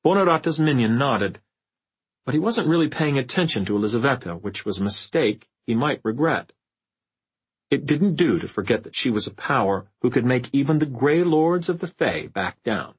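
A man narrating a fantasy audiobook in a measured, even storytelling manner. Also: medium pitch, husky, rough recording. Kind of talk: scripted narration.

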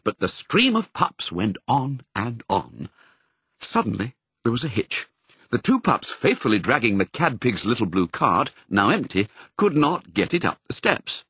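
A man narrating a children's storybook in an expressive, storytelling way. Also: mid-range voice, a little slow, husky, no echo. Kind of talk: audiobook reading.

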